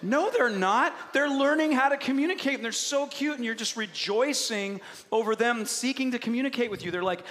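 A man in his thirties preaching a sermon, animated, acting out voices and swinging between hushed and loud. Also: high-pitched, brisk, big-room sound. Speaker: pastor.

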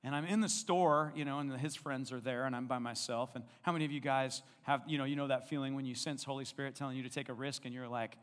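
A man's voice: medium pitch, fairly even intonation, quick pace, hardly any pauses, a bit bright. A male pastor telling a personal story in a sermon, conversational and self-deprecating, acting out the dialogue as he goes. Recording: long reverb in a large hall.

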